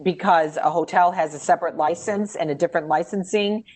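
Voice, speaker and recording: A woman with a lowish voice walks viewers through the program rules in a webinar. She explains things in a measured way, with hesitant fillers as she thinks. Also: darkish tone. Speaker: grant program presenter. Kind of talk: webinar Q&A answers.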